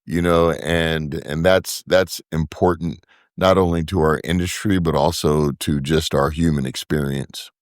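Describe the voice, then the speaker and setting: A man talking as a brewery co-founder guest in a casual podcast chat, earnest and reflective, building his points in halting phrases. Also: very deep voice, fairly even intonation, no echo, studio quality.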